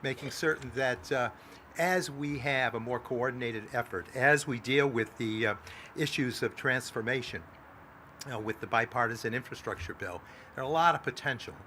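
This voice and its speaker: Halting male politician at a podium. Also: mid-range voice, pushed and bright, a little hiss or hum. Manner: halting, many "uh" fillers. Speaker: congressman. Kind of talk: speech at a press event.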